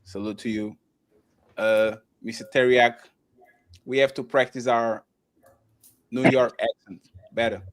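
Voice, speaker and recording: A man's voice: mid-range voice, steady tone, unhurried, pauses often, no room sound. A man hosting a live-streamed talk show, chatting loosely, stumbling over restarts and thanking viewers by name. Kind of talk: casual live-stream chat.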